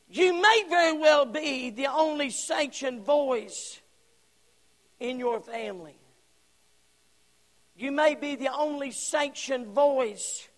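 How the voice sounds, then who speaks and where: Male pastor, very high voice, fiery shouting sermon with hushed drops, long church reverb. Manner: fiery preaching, swings from shouts to hushed tones. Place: church sanctuary.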